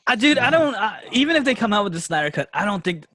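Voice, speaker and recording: A man's voice: sits high, big pitch swings, fast, pushed and bright, no echo. A man co-hosting a casual podcast chat, laid-back, full of "dude" and "like", laughing easily. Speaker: podcast co-host.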